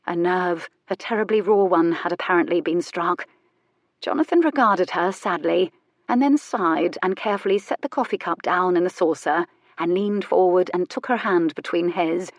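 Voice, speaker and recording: A woman narrating a romance audiobook in a measured, even storytelling manner. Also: lowish voice, no echo, clean studio sound.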